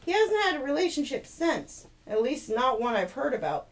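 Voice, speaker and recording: A woman's voice: sits high, very animated, normal speed. A woman voicing a determined, scheming ex-girlfriend in a storybook reading, firm and sugary-polite.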